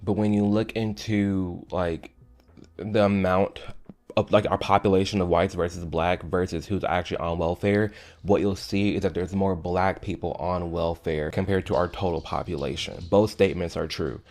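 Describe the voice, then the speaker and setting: A man doing online video commentary, reading posts aloud in a measured, exasperated way. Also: low-pitched, steady tone, darkish tone.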